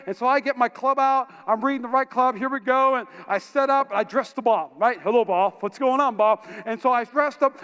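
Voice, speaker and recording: Preaching in a reverberant church auditorium, a pastor uses a very high-pitched, smooth voice. His sermon is energetic and animated, built on stories and frequent call-outs to the congregation.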